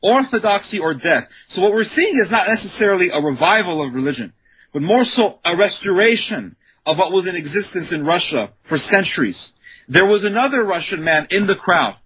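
A man's voice: sits high, lively intonation, brisk, a bit bright, husky, poor audio. A man being interviewed as a guest on a radio show, speaking earnestly and insistently. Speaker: guest, communications director.

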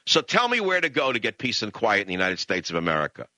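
A man hosting a talk radio show, delivering a blunt, combative rant with sudden jumps in pitch. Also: huge pitch swings, fast, sharp tone, dry recording, rough recording. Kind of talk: political talk radio monologue.

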